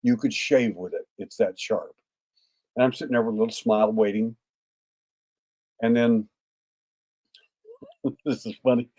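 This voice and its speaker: A man's voice: lowish voice, steady tone, a little slow, long pauses, darkish tone. A man in his sixties, a podcast guest telling a story in a folksy way, full of "uh" fillers and acted-out dialogue. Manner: folksy, acts out quoted dialogue, frequent "uh" fillers. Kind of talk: anecdotal storytelling.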